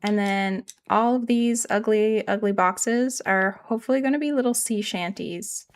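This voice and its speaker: A woman's voice: medium pitch, normal speed. Chatty Canadian woman streaming a game. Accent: regional Canadian. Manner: rambling, self-deprecating, answers chat. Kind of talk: casual live-stream chat while gaming.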